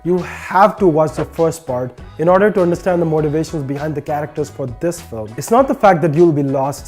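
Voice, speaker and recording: A man's voice: fairly high pitch, a little mellow. A man hosting a film review channel, narrating a scripted review with earnest enthusiasm and chatty asides. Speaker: movie reviewer, channel host.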